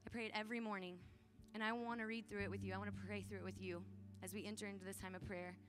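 Woman, youth conference speaker; earnest, conversational, pleading, middle pitch. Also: little pitch movement, racing, over music. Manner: earnest, casual phrasing with frequent "like"; urgent, encouraging appeals to the audience. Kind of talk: youth conference talk and prayer.

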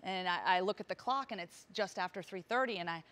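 A woman's voice: mid-range voice, fairly quick, hardly any pauses, a bit bright. A woman in her thirties, a motivational speaker, telling a personal story on stage with vivid, emotional delivery and acted-out dialogue. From Virginia, US.

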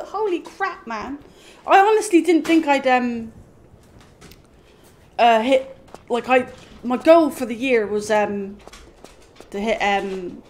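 A young woman with a slightly high voice streams a video game live, chatting with viewers, swearing, laughing and talking to her dog. There's a little hiss or hum in the audio.

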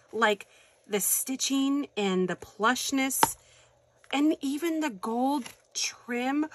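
A woman vlogger chatting casually while unboxing happy mail, gushing and excitable, with frequent gasps and affectionate asides to viewers. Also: a little high, background noise. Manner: affectionate, calls viewers hon and you guys.

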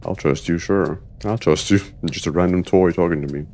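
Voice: sits low, moderate pace, a little mellow. A gaming streamer giving casual, joking commentary while playing, talking to himself and to the game.

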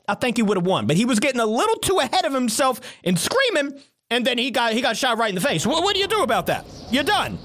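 A reaction video host giving excitable, chatty play-by-play in casual commentary, laughing often. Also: high voice, a little hiss or hum.

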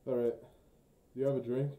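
A man's voice: medium pitch, level tone, a little fast, phone-quality sound. A man playing his character in a tabletop game, loose and jokey, often laughing. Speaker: player. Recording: echoey room with faint noise.

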